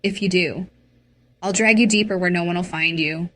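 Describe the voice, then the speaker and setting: A woman's voice: on the low side, moderate pace, fairly bright tone, lightly acted. A woman reading the lines of a cold, stern father who curtly threatens his child. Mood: cold, threatening. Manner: curt and threatening.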